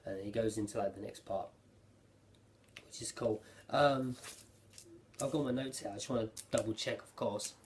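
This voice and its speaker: A man giving a casual spoken recap of an anime episode, rambling and excitable, with lots of fillers and restarts. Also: fairly low pitch, moderate pace, long pauses, a little hiss or hum. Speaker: anime reviewer.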